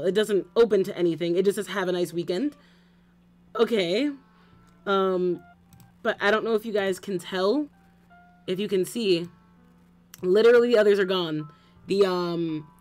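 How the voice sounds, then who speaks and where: A woman streaming a game, reacting with excitable, exclamatory commentary. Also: mid-range voice. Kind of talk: let's play commentary.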